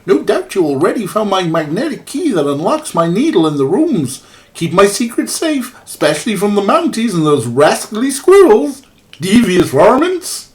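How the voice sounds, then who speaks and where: Man putting on a jolly Canadian woodsman, bad fake accent, hammy, high and lively. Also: normal speed. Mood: hearty. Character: jolly old male Canadian woodsman, hearty. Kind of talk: reading game text aloud in a voice.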